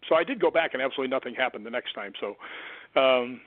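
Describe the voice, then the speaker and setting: A man tells a story as an interview guest, animated and putting on the voices of the people in it. He comes through a thin, tinny phone line. The sound is dry and close, with no room around it. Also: mid-range voice, fast talker, no echo. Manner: animated, acts out quoted voices. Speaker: guest, stuntman and ghost hunter.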